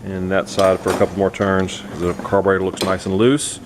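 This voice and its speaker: A man's voice: deep voice, monotone, brisk. A middle-aged man walking through a car repair in his home garage, coaching a kid step by step. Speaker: host of a garage video. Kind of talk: casual workshop narration. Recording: noisy garage recording.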